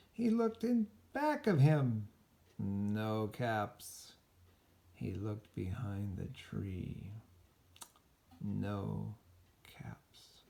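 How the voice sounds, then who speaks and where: Slow, gravelly man reading a story. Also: on the low side. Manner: expressive, slow, dramatic read-aloud. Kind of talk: reading a children's picture book aloud.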